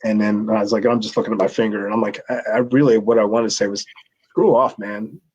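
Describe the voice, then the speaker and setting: A middle-aged former wrestler telling a long backstage story in a casual interview, rambling with many restarts and acted-out quotes. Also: male voice, lowish voice, little pitch movement, very fast, a little mellow, slightly rough, highs cut off. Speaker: former pro wrestler, guest.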